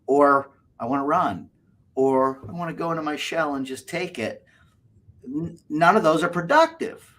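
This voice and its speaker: Husky, animated man in podcast chat. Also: a little high, moderate pace. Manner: animated, plays out little quoted exchanges. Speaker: co-host.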